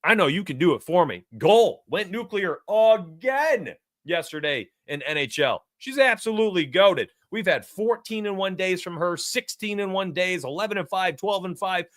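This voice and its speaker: An excitable man hosting a live sports betting show, talking straight to his chat with lots of hype. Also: sits high, moderate pace, dry recording, clean studio sound. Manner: excitable, hype-driven, addresses chat directly. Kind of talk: energetic live-stream betting talk.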